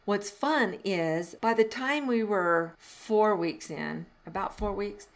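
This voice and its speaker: A woman's voice: medium pitch, slow. A middle-aged woman and former teacher hosting a parenting podcast, telling family stories in a chatty way and laughing often. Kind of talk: casual podcast monologue.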